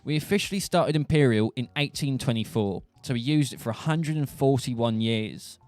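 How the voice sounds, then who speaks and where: A man's voice: mid-range voice, normal speed, darkish tone. A young man from England with a Southern English accent, joking and rambling in a casual monologue. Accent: Southern English, Buckinghamshire. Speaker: streamer.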